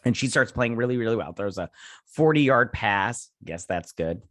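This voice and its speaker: A man hosting a show, chatting casually as he recaps and reviews a TV episode and slips into quick voices for the characters. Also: lowish voice, animated, a bit bright, no echo, clean studio sound. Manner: retells scenes with quick offhand impressions; chatty with frequent fillers. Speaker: show host.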